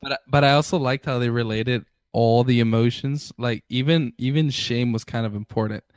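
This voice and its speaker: A man's voice: medium pitch, steady tone, dry recording. Laid-back man in a dry, close recording. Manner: laid-back, profane, halting. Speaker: podcast co-host. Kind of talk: casual chat.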